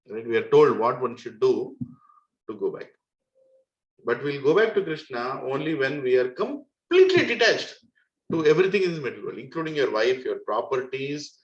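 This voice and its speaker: A man with an Indian English accent teaching a devotional scripture class over a group call, telling the story in an animated way with chuckling asides. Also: mid-range voice, reverberant, highs cut off. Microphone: video call.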